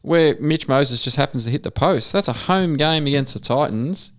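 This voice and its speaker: A man's voice: fairly high pitch, normal speed. A middle-aged man with an Australian accent, telling profane stories in casual podcast banter as co-host. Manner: profane, animated storyteller.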